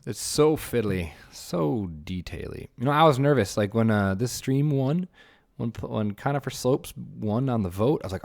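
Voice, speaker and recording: Gravelly man chatting on a game stream. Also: mid-range voice, lively intonation, normal speed, darkish tone. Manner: chatty, self-mocking, muttering to himself. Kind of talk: casual livestream chat while building.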